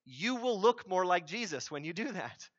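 A man's voice: high voice, sing-song, normal speed, dry recording, dull audio. A man preaching a sermon as pastor, conversational and emphatic, acting out what people say.

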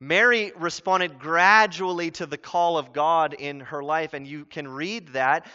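A man preaching a sermon as pastor, earnest and conversational, with animated asides. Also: a little high, measured pace. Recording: dull lo-fi sound.

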